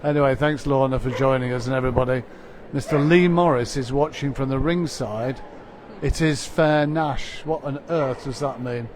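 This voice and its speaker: A man's voice: mid-range voice, steady tone, moderate pace, few pauses, a little mellow. A man presenting a live dog show stream, chatting with his co-commentator and reading out greetings from viewers.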